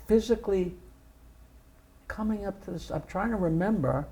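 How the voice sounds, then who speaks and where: A man's voice: sits high, normal speed, mellow, husky. An older man, a comedy talk show co-host, asking probing follow-up questions in casual chat.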